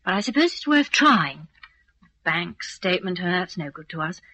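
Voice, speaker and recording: An actress playing a brisk, capable young secretary giving orders in a vintage radio drama. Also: female voice, fairly low pitch, very animated, pushed and bright, dry recording, exaggerated voice, rough recording. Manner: brisk, efficient, commanding.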